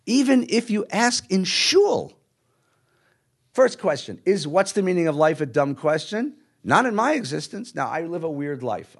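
In a storytelling sermon, a middle-aged rabbi brings each character to life by performing their voices. His own voice is a little high, gravelly, and breathy at the edges.

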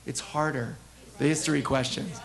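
A man teaching a text class as a rabbi, animated, asking the class questions and acting out the prophets' voices. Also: mid-range voice, normal speed, gravelly. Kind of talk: interactive text lesson.

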